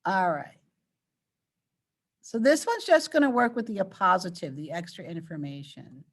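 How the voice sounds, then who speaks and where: A woman's voice: fairly low pitch, lively intonation, moderate pace. Patient woman teacher quizzing her class. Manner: patient, coaxing questions to students. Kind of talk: online class lesson.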